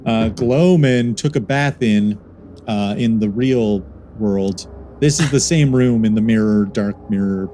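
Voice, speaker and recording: A man narrating as dungeon master, talking casually and haltingly with many fillers. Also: on the low side, dark tone, a little hiss or hum. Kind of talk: narrating a tabletop game.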